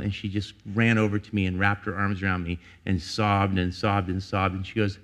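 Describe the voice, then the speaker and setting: A man's voice: lowish voice, level tone, normal speed, hardly any pauses. A middle-aged man, a pastor, preaching in church in a candid, conversational way, telling a personal story with frequent restarts. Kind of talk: sermon.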